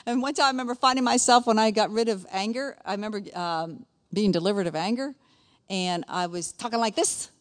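A middle-aged woman speaking to a church group in a relaxed, folksy sermon style. She drops in chatty asides and short laughs, then lifts into quoted scripture. Her voice sits at an ordinary pitch for a woman. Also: a little fast.

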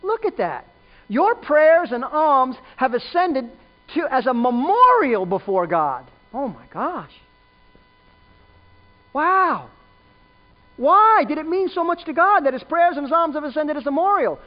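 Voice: high-pitched, very animated, a little slow. A preacher giving a sermon, emphatic, repeating key lines and quizzing the listeners, in a dull lo-fi recording.

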